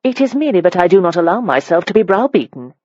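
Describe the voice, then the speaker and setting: Reader doing a calm, firm genteel lady. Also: fairly low pitch, quick pace, dry recording, lo-fi sound. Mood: composed. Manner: calm, courteous but firm. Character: calm, composed woman of rank, firm and polite. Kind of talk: audiobook character reading.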